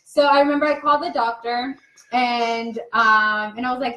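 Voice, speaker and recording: A young woman telling a story in casual chat, animated and laughing as she acts out what people said. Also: on the high side, moderate pace. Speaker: co-host. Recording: echoey room.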